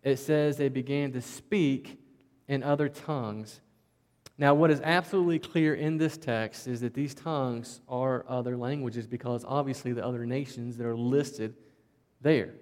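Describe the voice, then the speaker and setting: A man's voice: mid-range voice, steady tone, moderate pace, darkish tone, in a large hall. A male pastor with a Southwest Virginia country twang, preaching in a folksy, conversational way and often calling the listeners "man.". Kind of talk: sermon.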